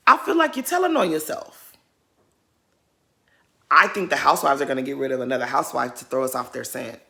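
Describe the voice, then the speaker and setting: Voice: medium pitch, expressive, fairly quick, creaky, long pauses, bright, forceful tone. Sassy reality TV commentator. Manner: sassy, talks straight at the cast. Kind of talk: casual reaction commentary.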